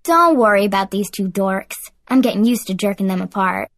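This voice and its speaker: A cheerful young country girl, voiced by a woman narrator, talks with a warm twang. The recording is close and dry. Her tone is easy and reassuring. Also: medium pitch, lively intonation, normal speed, no echo, natural voice. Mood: easygoing.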